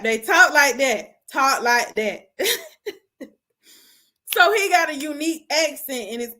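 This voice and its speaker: A young woman hosting her own show, giving casual opinions on music in an animated, slangy way. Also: on the high side. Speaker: host.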